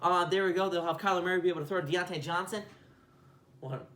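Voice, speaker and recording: A man's voice: high-pitched, fairly even intonation, fast, fairly bright tone, roomy sound. A man hosting a casual sports video, rambling and swearing with lots of fillers. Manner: rambling, profane, with many fillers.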